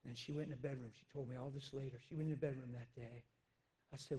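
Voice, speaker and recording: A male pastor preaching a sermon, swinging between loud shouting and quiet, blunt confession. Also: mid-range voice, steady tone, fast talker, husky.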